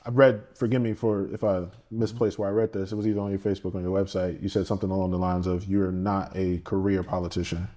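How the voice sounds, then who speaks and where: A man's voice: sits low, level tone, fast, hardly any pauses, dark tone. A man interviewing a guest, asking questions in a hesitant, hedging way with many fillers.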